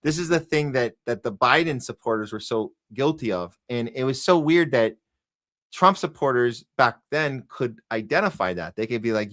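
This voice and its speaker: A man's voice: mid-range voice, lively intonation, moderate pace, a bit bright. A man hosting a live news commentary podcast, ranting sarcastically and talking to his chat audience. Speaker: podcast host.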